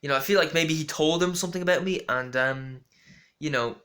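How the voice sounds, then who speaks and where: A man's voice: fairly high pitch, fairly quick, a bit bright. A young man rambling through a casual storytelling monologue with lots of fillers and restarts. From Ireland. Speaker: vlogger.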